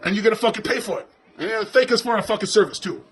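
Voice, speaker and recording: Man doing a crude cop character, foul-mouthed, brash, sarcastic ranting, slightly high voice, comedic video commentary. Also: very fast, slight background noise, natural voice.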